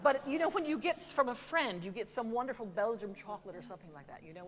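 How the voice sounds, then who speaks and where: A woman's voice: fairly high pitch, quick pace, few pauses, long reverb tail. A woman voice teacher giving a masterclass, chatty and demonstrative, often breaking into sung examples with some apologetic humor. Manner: lively, demonstrative, sings examples between remarks. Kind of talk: masterclass coaching. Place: theater stage.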